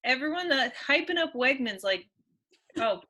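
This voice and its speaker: A woman co-hosting a relaxed podcast. Her voice sits a little high and sounds bright and clear. She delivers her lines with dry, deadpan amusement and often breaks into short laughs. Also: normal speed. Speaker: podcast co-host. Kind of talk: casual chat.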